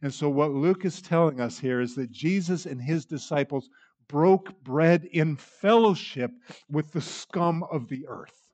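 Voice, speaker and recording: A man preaching a sermon, dramatic in delivery, acting out the voices he quotes and swinging from loud to hushed. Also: a little high, measured pace.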